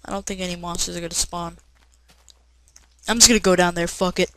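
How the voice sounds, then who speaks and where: Woman gamer, casual let's-play commentary, rambling, jumps to loud shouts, slightly low voice. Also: fairly quick, rough recording. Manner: rambling and excitable, with many "uh" fillers and bursts of shouting. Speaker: gameplay commentator.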